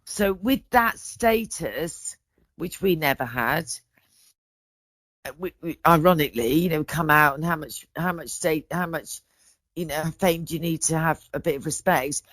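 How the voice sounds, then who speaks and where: A woman's voice: deep voice, measured pace, a bit bright, no echo. A woman in her forties, a podcast guest in casual chat, telling stories in a rambling way, breaking off and restarting her sentences. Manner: rambling, self-interrupting storyteller.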